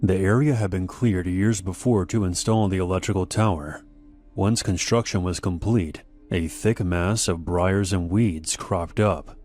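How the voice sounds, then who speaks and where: A man with a very deep, low voice reads a horror story in a steady, unhurried manner. Faint music plays quietly beneath his narration.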